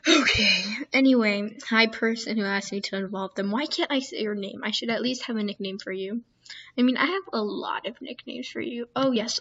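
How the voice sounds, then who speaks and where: A woman's voice: a little high, a bit bright. A teenage girl YouTuber rambling in casual chat, easily distracted and self-mocking. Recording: dull lo-fi screen-capture audio.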